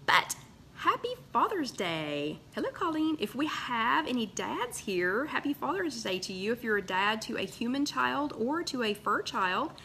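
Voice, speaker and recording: A woman's voice: a little high, very animated, moderate pace, vocal fry, hardly any pauses, sharp tone, a little hiss or hum. A woman hosting a casual live stream, chatting and greeting viewers by name with plenty of fillers. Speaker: host of a live weight-loss chat.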